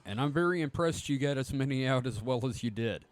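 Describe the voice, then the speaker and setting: With a medium-pitched, lively voice and a fairly quick pace, a male podcast co-host rambles through casual talk and news articles. He has a cough, swears freely and pokes fun at himself.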